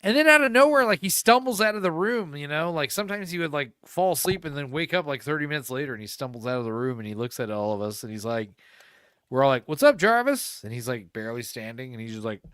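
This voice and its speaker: Telling stories in a casual podcast chat, this young co-host rambles, swears, laughs often, and acts out quotes. He talks fast at medium pitch, with a fairly bright, clear, resonant tone. It's studio-quality audio with no room sound.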